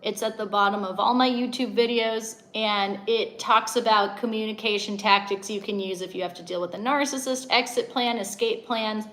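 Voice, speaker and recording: A woman's voice: medium pitch, fairly even intonation, normal speed, hardly any pauses, a bit bright. A young adult woman hosting a casual livestream, talking emphatically and answering viewer comments as a coach.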